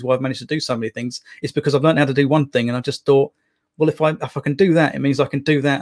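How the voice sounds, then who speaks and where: Fast-talking man, rambling poet. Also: mid-range voice. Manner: rambling, many restarts and fillers. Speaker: poet guest. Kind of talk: casual interview talk.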